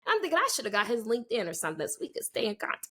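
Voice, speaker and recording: Podcast co-host, young woman, lively storyteller, voices the dialogue herself, pitch a bit high. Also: very fast. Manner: animated, acts out quoted dialogue, many "like" fillers. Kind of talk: casual storytelling.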